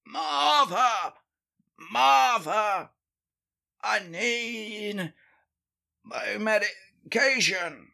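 A man's voice: high-pitched, expressive, slow pace, creaky, pushed and bright, full character voice. A man playing a forgetful, needy old husband who keeps calling for his wife in a comedy podcast sketch. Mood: whiny.

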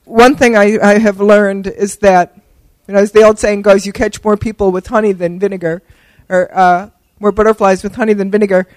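A woman's voice: mid-range voice, level tone, moderate pace, hardly any pauses, no room sound, low-quality recording. Older lady giving an award speech, joking about herself, lots of ums, dry mic. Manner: humorous, self-deprecating storyteller with fillers. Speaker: award recipient and disability advocate. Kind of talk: acceptance speech with anecdotes.

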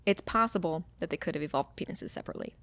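A young adult woman co-hosting a casual podcast chat, explaining animal facts excitably with frequent laughs. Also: lowish voice, racing, dry recording. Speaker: podcast co-host.

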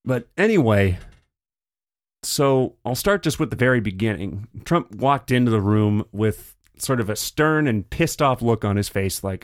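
A podcast host with a fairly low, sing-song voice chats casually through political commentary, tossing off quick mock quotes to paraphrase others. The recording is dry and clean, with studio quality.

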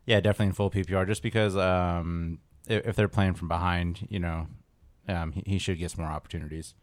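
A man's voice: sits low, fairly even intonation, fairly quick, no room sound. A man co-hosting a fantasy football podcast, chatting in a loose, rambling way. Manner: loose and rambling, full of fillers and restarts. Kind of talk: casual podcast chat.

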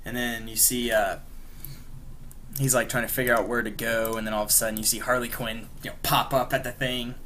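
A man's voice: mid-range voice, level tone, brisk, pushed and bright, slight background noise. A man co-hosting a podcast, casually retelling a story in a rambling way, full of "like" and "you know". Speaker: podcast co-host. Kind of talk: casual chat.

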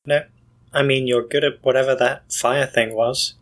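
Brief: man as a steady, blunt adventurer, dry and curt. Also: mid-range voice, moderate pace. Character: calm, blunt staff-wielding adventurer.

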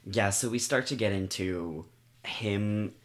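A woman podcast co-host chatting casually about books. She talks in an animated way, with quick asides, and laughs often. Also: extremely low pitch.

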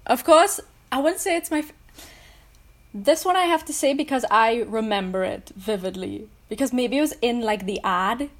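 A woman's voice: a little high, expressive, normal speed. A woman co-hosting a podcast, giggling often as she talks about a movie. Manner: giggly, playful. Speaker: podcast co-host. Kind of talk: casual movie discussion.

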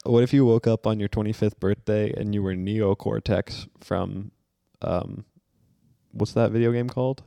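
Young guy cohosting a podcast, deadpan wisecracks, low gravelly voice. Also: moderate pace, no echo. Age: 20s. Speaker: podcast co-host. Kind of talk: casual banter.

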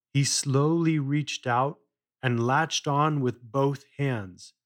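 A man narrating a children's story in a measured read-aloud style. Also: mid-range voice, fairly bright tone.

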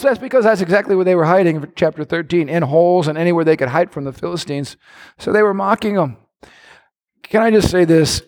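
A man preaching with a high, bright voice that swings wildly up and down. He acts out the lines he quotes and bursts into shouts mid-sermon. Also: lively intonation, quick pace. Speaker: pastor.

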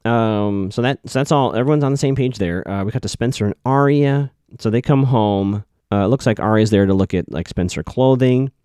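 A man's voice: medium pitch, fairly quick, few pauses, warm tone, smooth, dry recording, studio quality. A man giving a casual recap of a TV episode, thinking aloud and correcting himself as he goes.

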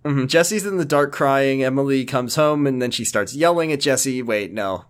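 A man's voice: medium pitch, normal speed, clean tone. A man co-hosting a podcast, recapping a TV episode in a casual, joking, profane way. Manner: joking, profane, acts out characters' lines. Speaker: podcast co-host.

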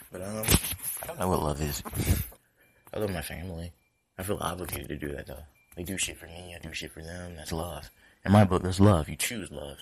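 A man's voice: low-pitched, a little hiss or hum. A man hosting his own podcast alone from his kitchen, talking in a profane, rambling, joking monologue. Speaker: podcast host. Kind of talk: casual solo podcast monologue. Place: home kitchen.

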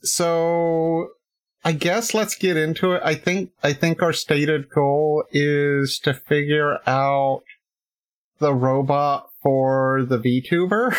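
A podcast host in casual chat, talking slowly with many fillers and restarts. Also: female voice, low-pitched, steady tone.

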